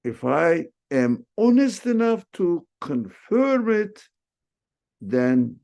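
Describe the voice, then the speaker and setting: Man, religious teacher, slow unhurried delivery, gravelly edge, repeats and rephrases as he thinks aloud. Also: a little high, big pitch swings, darkish tone. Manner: reflective, repeats and rephrases words, frequent fillers. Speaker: Islamic teacher. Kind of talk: unscripted religious lecture.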